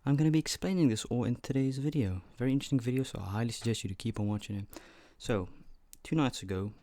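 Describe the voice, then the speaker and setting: A man's voice: medium pitch, quick pace, warm tone, no echo, studio quality. An eighteen-year-old man telling a story on his vlog, chatty and loose, with frequent swearing. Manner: loose, profane, chatty retelling. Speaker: vlogger.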